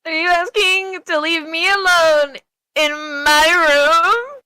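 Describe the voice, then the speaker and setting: A woman voicing Lilky, a shrill, tearful vain woman. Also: slow, pushed and bright, no room sound, heavily acted. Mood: flustered. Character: sobbing, vain young woman, easily rattled. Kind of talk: voicing a character in a tabletop game.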